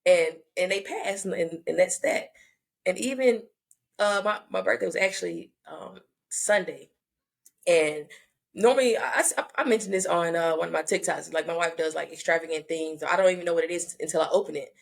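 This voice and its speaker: A woman in her thirties hosting a casual conversation, talking reflectively and haltingly, often restarting her sentences. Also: on the low side, gravelly.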